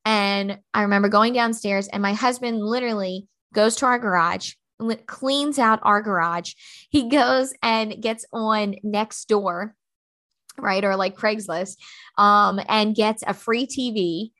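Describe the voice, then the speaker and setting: A woman in her thirties hosts a podcast and tells a personal story, chatting quickly with lots of "like," other fillers and restarts. Her voice is mid-range and fairly bright.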